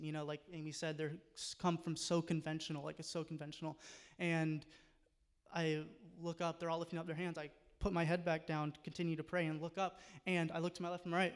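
Earnest guy sharing a testimony, flat smooth voice, echoey church. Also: fairly high pitch. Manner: earnest, halting, lots of fillers. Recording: reverberant church hall.

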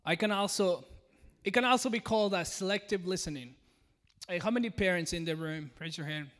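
A man in his thirties preaching a sermon to a congregation, lively and joking, and speaking straight to the people in front of him. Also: sits high, a little fast. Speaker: pastor. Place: church service in front of a congregation.

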